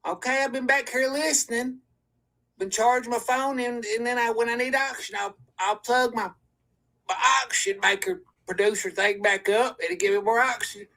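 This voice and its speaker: A man doing a shrill wailing old granny. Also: normal speed, pushed and bright, full character voice. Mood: nagging. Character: frail old grandmother on oxygen, nagging and dramatic. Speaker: comedy skit character.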